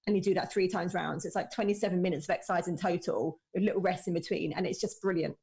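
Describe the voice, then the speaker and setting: Enthusiastic woman, lowish voice. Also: fairly even intonation, fast, vocal fry, warm tone. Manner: enthusiastic, explanatory. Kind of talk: casual chat. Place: home, remote call.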